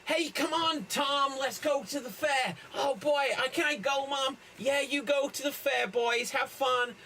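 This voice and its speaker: A man voicing an excitable boy in a rushed, shouty movie skit. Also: very high voice, a little hiss or hum, pitched above the performer's own voice, exaggerated voice, rough recording. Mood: excited.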